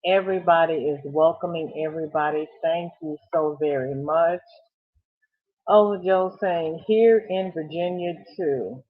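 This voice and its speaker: A woman's voice: sits low, unhurried. A middle-aged woman hosting a crochet livestream, chatting casually and exclaiming as she reads viewers' comments aloud. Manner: chatty, exclaiming, warm fussing over viewers. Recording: thin phone-like sound.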